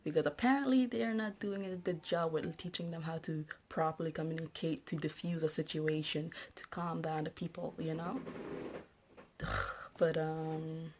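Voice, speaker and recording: Low-voiced indignant woman vlogger. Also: steady tone, moderate pace, background noise. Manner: indignant, ranting, asks rhetorical questions. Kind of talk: casual storytelling vlog.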